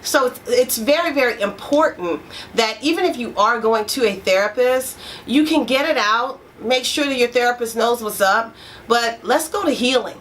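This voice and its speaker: A middle-aged woman therapist speaks to her program members with a somewhat high, frank and emphatic voice. She drives home her points by repeating them. A faint hiss sits under the recording. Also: animated, moderate pace, fairly bright tone. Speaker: therapist and life coach. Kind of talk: motivational talk to program members.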